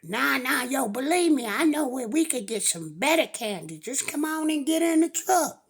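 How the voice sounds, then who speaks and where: A woman's voice: high-pitched, lively intonation, moderate pace, pitched above the performer's own voice. A woman doing a sweet-talking shady man. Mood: coaxing. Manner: coaxing, insistent. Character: shady grown man in a pickup truck, sweet-talking and pushy.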